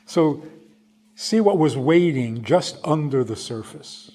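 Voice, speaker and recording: A man, a rabbi, giving a storytelling talk, speaking slowly and emphatically and acting out the quoted voices. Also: a little high, expressive, mellow. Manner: slow, emphatic, acts out quotes. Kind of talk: storytelling lecture.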